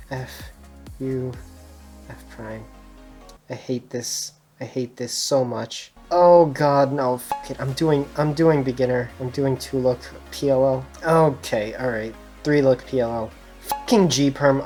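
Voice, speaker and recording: A woman with a deep, low-pitched voice chatters through a casual vlog, nervous and excitable, laughing and swearing as she goes. She is recorded on a small action camera with faint music playing underneath. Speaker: speedcubing channel host. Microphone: GoPro camera.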